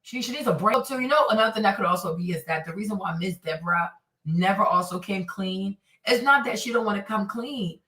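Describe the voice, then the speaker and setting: Animated woman host, bright and echoey. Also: mid-range voice, fairly quick. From Northern Virginia, USA. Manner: animated, indignant storytelling with acted-out quotes. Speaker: commentary show host. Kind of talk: casual opinion commentary. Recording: echoey room, voice a bit far from the mic.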